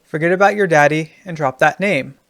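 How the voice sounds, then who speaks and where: Southern-drawl Juliet, folksy and gravelly, a man doing the voice. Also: on the high side, a little fast, a bit bright, dry recording, studio quality. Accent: Southern US, put on.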